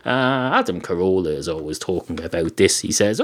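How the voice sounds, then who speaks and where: A man from Ireland with an Irish accent, a podcast host telling an improvised comic story in a rambling, deadpan way with frequent hesitations. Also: low voice, moderate pace, few pauses.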